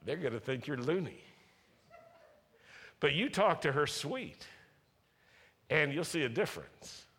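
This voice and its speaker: A man's voice: on the high side, sing-song, unhurried, creaky, pauses often, bright, forceful tone, breathy edge. Earnest male preacher in a reverberant hall. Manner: earnest, emphatic preaching with repetition. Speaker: pastor. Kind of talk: sermon.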